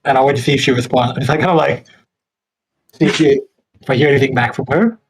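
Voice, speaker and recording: A man's voice: medium pitch, fast, slightly rough, poor audio. A man playing in a tabletop game, speaking casually as he plans his character's actions aloud. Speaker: player.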